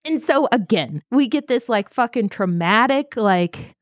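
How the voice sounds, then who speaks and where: A woman's voice: a little high, animated, a little slow, few pauses, no echo, clean studio sound. A woman co-hosting a book podcast, recapping the plot casually with lots of swearing and filler words. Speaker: podcast co-host. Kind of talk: casual book-club chat.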